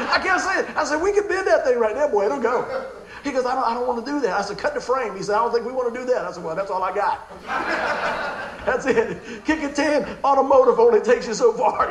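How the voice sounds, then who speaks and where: A middle-aged man preaching a sermon, telling stories in an animated way with frequent laughter. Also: very high-pitched. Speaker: pastor. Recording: echoey room with faint background noise.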